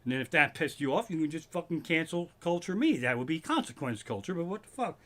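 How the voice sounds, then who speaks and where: A man hosting a comedy livestream from his living room, ranting in a profane, animated stand-up style. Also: a little high, fast.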